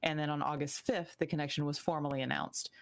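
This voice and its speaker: A woman with a notably low voice co-hosts a true crime podcast. She talks bluntly and casually, swearing freely and tossing out sarcastic remarks while she recounts a case. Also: fairly even intonation, fast, vocal fry. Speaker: podcast co-host.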